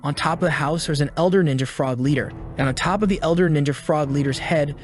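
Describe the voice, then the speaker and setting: A man narrating a scripted story recap in a brisk, plain way. His voice sits slightly high, with soft music under it. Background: faint music.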